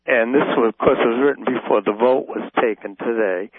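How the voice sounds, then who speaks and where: A man calling in to a radio show, speaking haltingly with many pauses and restarts. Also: mid-range voice, no echo. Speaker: caller. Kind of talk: phone-in call. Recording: tinny phone line.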